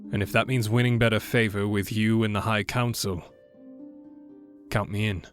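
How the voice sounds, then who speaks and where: A man speaks in character at a tabletop game, steady, measured and formal. His voice sits a little low, and faint music plays behind him. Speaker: player.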